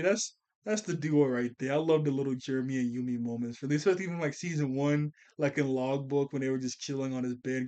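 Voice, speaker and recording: A man giving a casual, rambling recap of a cartoon episode as a reviewer. He often corrects himself and laughs as he talks. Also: medium pitch.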